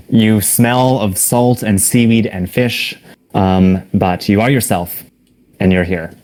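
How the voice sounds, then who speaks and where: A game master paints a dark scene for his players in relaxed, vivid detail. His voice sits very low. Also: drawn-out words, pauses often. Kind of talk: descriptive narration of a tabletop game.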